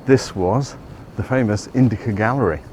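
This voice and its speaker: A man with a fairly low, slightly mellow voice speaks at normal speed while giving a rambling, conversational tour of city streets. He corrects himself a lot, and passing traffic can be heard.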